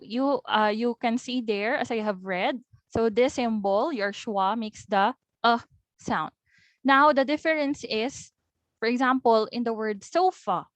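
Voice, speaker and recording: Filipino-accented young woman, teacher's lesson read, higher voice, dry close recording. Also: no room sound. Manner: explains step by step, mixing in local words.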